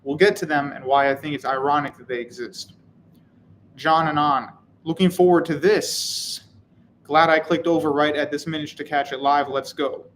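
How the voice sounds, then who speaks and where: A man with a slightly higher voice talks casually on his own live stream, wry and a little rambling, reading chat and answering it. A faint hiss of noise sits under his voice. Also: steady tone, normal speed, fairly bright tone, low-quality recording. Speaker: channel host.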